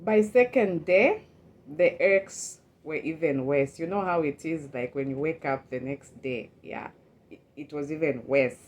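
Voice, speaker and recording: A woman's voice: deep voice, measured pace, a little mellow. A woman telling a personal story in a casual, emotional way. She often repeats words, restarts, and acts out her own past thoughts. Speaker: storyteller recounting a personal experience.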